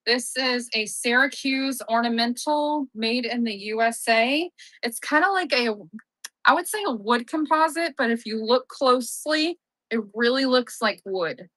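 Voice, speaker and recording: A woman's voice: fairly high pitch, a little slow, a bit bright, dry recording, poor audio. A young woman hosting a live-selling stream, chatting casually, upbeat and often laughing at herself. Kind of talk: casual live-sale chat.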